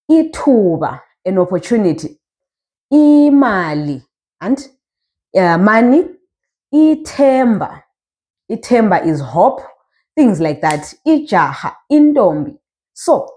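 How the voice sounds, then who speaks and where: A woman with a Zimbabwean Ndebele accent teaching a language lesson, saying each word slowly so learners can repeat it. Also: mid-range voice, mellow. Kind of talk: slow spoken language lesson.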